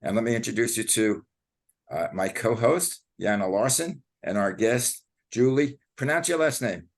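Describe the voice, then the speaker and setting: A man hosting an interview show, speaking in a halting way with some stumbles. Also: mid-range voice, creaky. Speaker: show host. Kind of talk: casual interview.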